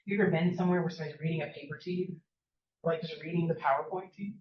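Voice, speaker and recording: A woman's voice: deep voice, fairly even intonation, roomy sound, dull audio, a crowd in the background. A woman professor from the American South with a Southern accent, giving a chatty, interactive workshop talk in a classroom and often asking "right?". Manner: fast-talking, chatty, often adds "right?". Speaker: college professor.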